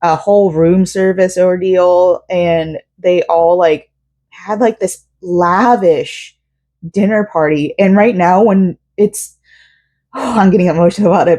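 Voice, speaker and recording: A woman's voice: on the low side, slow, dark tone. A young woman from Central Florida, talking emotionally and rambling with many fillers in a personal vlog. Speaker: vlogger.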